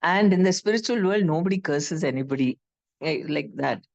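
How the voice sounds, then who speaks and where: A class speaker with an Indian English accent, retelling a scripture story in an animated way and often correcting themselves mid-sentence. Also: medium pitch, fairly quick, creaky, highs cut off.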